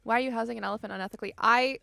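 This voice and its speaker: A woman's voice: on the high side, steady tone, rapid-fire, gravelly, sharp tone, no echo. A young adult woman streaming from home, chatting casually with her viewers in a giggly, easily emotional way. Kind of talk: casual chat with live viewers. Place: home room.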